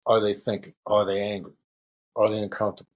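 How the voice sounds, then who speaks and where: Middle-aged guy, low and kinda husky, chatty interview storytelling. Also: fast talker. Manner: relaxed storytelling, acts out quoted voices. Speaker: former FBI hostage negotiator, guest. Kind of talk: conversational interview answers.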